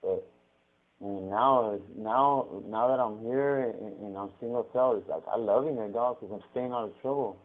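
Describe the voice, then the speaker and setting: A man's voice: mid-range voice, moderate pace. A man telling stories over a prison phone call, profane and rambling with frequent restarts. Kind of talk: casual storytelling on a phone call. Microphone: prison payphone handset. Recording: tinny prison phone line.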